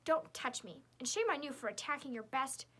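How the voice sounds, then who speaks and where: A woman's voice: high voice, lively intonation, a little fast, sharp tone, voice pushed up, exaggerated voice. A woman voicing a mean, bossy third-grade girl who huffs, sneers and whines dramatically in a children's storybook reading. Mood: whiny. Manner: huffy, sneering, dramatic whining.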